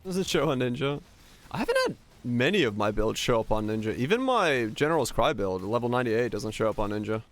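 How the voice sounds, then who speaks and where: A man's voice: medium pitch, big pitch swings, fairly quick. A young man streaming a game, chatting casually, answering chat questions and thinking aloud as he plays.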